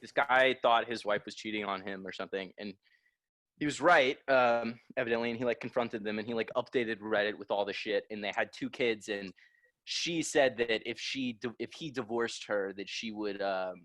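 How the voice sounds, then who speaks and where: A man co-hosting a podcast, chatting in a casual, animated way with swearing. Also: fairly low pitch, dry recording. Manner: animated, swearing, quick laughs. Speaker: podcast co-host. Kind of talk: casual chat.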